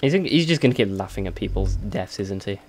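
A young British man casually commentating a game he is playing, excitable and self-mocking, blurting out swears. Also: on the low side, a little fast, a little hiss or hum. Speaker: let's play gamer. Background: game music.

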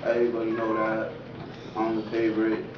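A man speaking at his grandmother's funeral, halting and rambling. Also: fairly low pitch, monotone. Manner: halting, soft-spoken, rambling. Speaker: grandson giving a eulogy. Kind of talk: emotional funeral speech. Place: funeral gathering indoors. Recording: distant, roomy, muffled and noisy.

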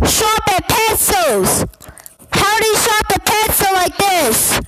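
A woman with a very high, piping voice reacts to a game in loose, unhurried commentary. She scolds what she sees with blunt, coarse words and suddenly flares into shouts. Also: no echo. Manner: excitable, bursts into shouts and gasps. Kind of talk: casual gameplay reaction commentary.

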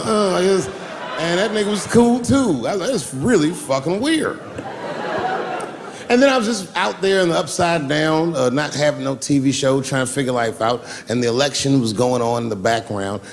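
A man's voice: mid-range voice, noisy background. A man doing stand-up comedy, telling a long story loosely and profanely and acting out the people in it. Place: live comedy stage.

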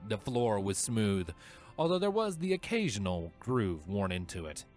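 Guy reading fanfic aloud, kinda low voice, quiet music playing under him. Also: big pitch swings, normal speed. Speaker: fanfiction reader. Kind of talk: audiobook-style story narration. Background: faint music.

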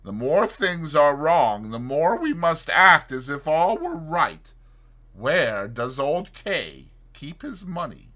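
A man's voice: a little high, very animated, slow pace, sharp tone, voice pushed up, heavily acted. A man doing McFarlane, a cold scheming doctor. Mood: coaxing. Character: coarse sinister young male doctor McFarlane.

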